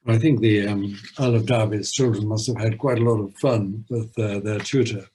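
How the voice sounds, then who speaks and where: A man lecturing on poetry at a university, hesitant, with many filler pauses. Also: lowish voice, steady tone, mellow, slightly rough, poor audio. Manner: reads verse aloud in a measured rhythm.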